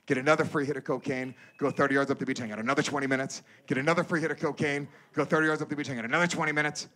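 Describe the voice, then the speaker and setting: A man doing a stand-up comedy set on stage, with a loud, animated delivery, profane banter with the crowd and shouted character voices. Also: fairly high pitch, racing. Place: comedy stage before a live audience.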